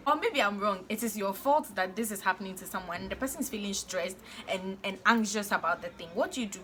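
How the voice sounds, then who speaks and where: A young woman tells a storytime vlog in a bright, forceful voice. She is animated and exasperated and leans on fillers as she goes. Her delivery stays casual and chatty throughout. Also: medium pitch, brisk, few pauses. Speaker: vlogger.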